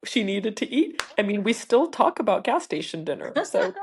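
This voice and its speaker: Husky-voiced chatty woman podcast guest. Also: medium pitch, sing-song, moderate pace. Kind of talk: casual interview chat.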